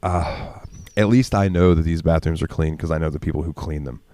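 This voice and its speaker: A man's voice: a bass voice, fairly even intonation, fairly quick, warm tone, no echo. A man telling rambling, profane stories as a podcast co-host, laughing often. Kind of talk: casual storytelling chat.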